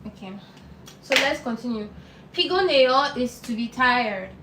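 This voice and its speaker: A woman teaching a live online beginner lesson, patient and repeating words slowly for learners. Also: a little high, animated, roomy sound, far from the mic, background noise. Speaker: language teacher.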